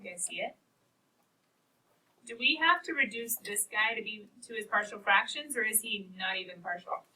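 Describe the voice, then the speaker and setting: A math teacher with a mid-range voice and sharp tone lectures her precalculus class at a moderate pace. She's encouraging and playful, treating equations as characters. The mic is distant, with a little faint noise.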